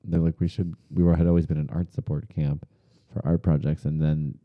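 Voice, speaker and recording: Deep-voiced long island guy chatting, animated, lots of "like", dry muffled sound. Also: brisk, no echo. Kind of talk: casual chat.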